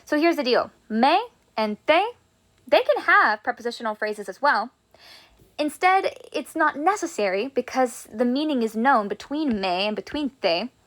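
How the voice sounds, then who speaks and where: A woman teaching a Spanish grammar lesson, upbeat and encouraging, slowing down to draw out her examples. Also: sits high, lively intonation, fairly bright tone.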